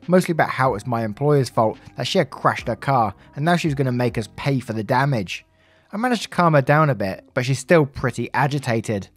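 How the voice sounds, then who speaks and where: Male story narrator, mid-pitched, casual chatty asides, faint music bed. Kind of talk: reading online stories aloud.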